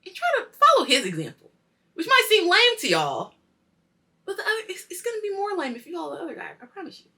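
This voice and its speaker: Woman host, casual episode review, lively swooping voice, bright tone. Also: extremely high pitch, quick pace. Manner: animated, swears freely, acts out scenes. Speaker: host of a weekly culture show.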